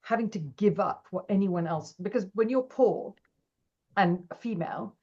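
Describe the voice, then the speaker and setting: A woman, an interview guest, telling her story with animated energy and acting out the lines of people in it. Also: mid-range voice, moderate pace. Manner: animated, acts out quoted dialogue. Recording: dull lo-fi audio.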